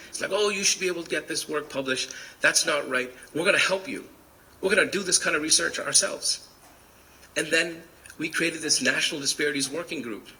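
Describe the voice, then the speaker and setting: Man giving a bright, earnest commencement speech. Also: a little high, slight background noise, rough recording. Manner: earnest, storytelling, addresses audience directly. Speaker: commencement speaker.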